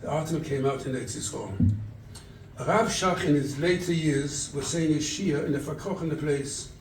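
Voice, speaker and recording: A rabbi from England giving a sermon at a charity event, telling stories and acting out the dialogue. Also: male voice, fairly high pitch, normal speed, a little mellow, a little hiss or hum. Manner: storytelling, quotes scripture and acts out dialogue. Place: event hall. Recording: echoey room, distant mic.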